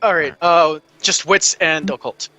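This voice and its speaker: Male game master, bright and high-ish tone, loose halting narration. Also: no echo. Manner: halting, filler-heavy narration. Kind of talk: narrating a tabletop game online.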